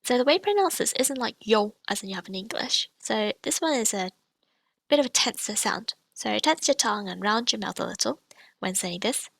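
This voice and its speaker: Woman, patient language teacher, slightly high voice with some vocal fry, demonstrates sounds clearly; dry, close recording. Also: animated, a little fast, a bit bright. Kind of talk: scripted lesson narration.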